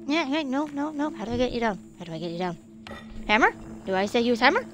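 A woman's voice: fairly high pitch, very animated, fast talker. A young woman streaming a game live, talking to the characters, getting frustrated and swearing. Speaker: gaming streamer. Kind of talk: live gameplay commentary. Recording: noisy background.

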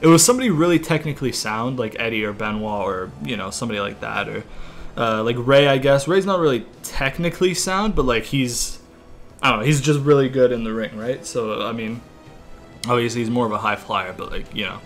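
A man commentating his own wrestling video game playthrough at a desk microphone, rambling between topics, swearing freely and shouting at the action. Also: medium pitch, fairly quick, soft background music. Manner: rambling, profane, reacting loudly to the game. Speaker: gaming channel host. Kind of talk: casual gameplay commentary.

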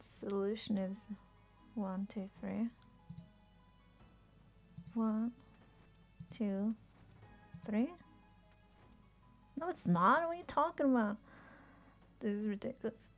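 Gravelly-voiced woman gaming on stream, kinda sick, swearing and laughing a lot, faint music behind. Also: medium pitch, slow, long pauses. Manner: excitable, swears often, laughs, trails off. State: sick with a headache. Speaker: game streamer. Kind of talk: live gameplay commentary.

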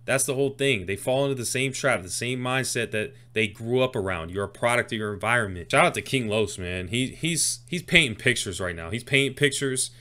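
A man reacting to a rap freestyle, his voice bright and forceful as he explains each line. He talks in a loose, casual way and gets excited as he unpacks the wordplay. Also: mid-range voice, fairly quick, few pauses. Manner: excitable, breaks down lyrics line by line. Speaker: music reaction host.

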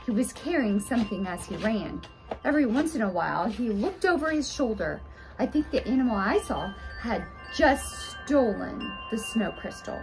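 A woman voicing a fussy, excitable male owl with news to tell in a storybook. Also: fairly high pitch, normal speed, over music, poor audio. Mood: dramatic. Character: fussy breathless male owl, elder friend.

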